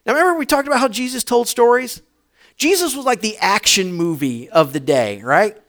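A man preaching a sermon, telling the story dramatically, shifting between shouts and hushed tones, and putting questions to the congregation. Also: high voice, animated, a little fast. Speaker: pastor.

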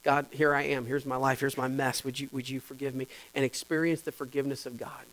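A man preaching a sermon, moving between hushed whispers and loud, impassioned stretches with lots of repetition. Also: medium pitch, level tone, fairly quick, rough recording. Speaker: pastor.

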